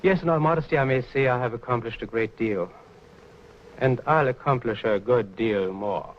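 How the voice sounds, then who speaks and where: An actor playing a smug, vengeful Nazi propaganda minister in 1940s film acting, gloating and silky, on dull lo-fi old film sound. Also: male voice, mid-range voice, moderate pace, slight background noise, natural voice. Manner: gloating, silky, holds grudges.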